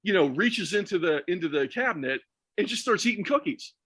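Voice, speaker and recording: A man with a voice on the higher side tells a story in loose, swearing podcast chat. He keeps cracking himself up between sentences. The sound is dry and close, with no room in it. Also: brisk, breathy edge, dry recording. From Texas. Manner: animated, profane, laughs through his own story. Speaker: podcast co-host or guest.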